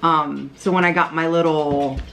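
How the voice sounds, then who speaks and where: A woman's voice: deep voice, fairly even intonation, moderate pace, fairly bright tone, a little hiss or hum. A woman fondly telling a story in a casual chat, rambling and filling it with "like" and "you know". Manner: fond, rambling, says "like" and "you know" a lot.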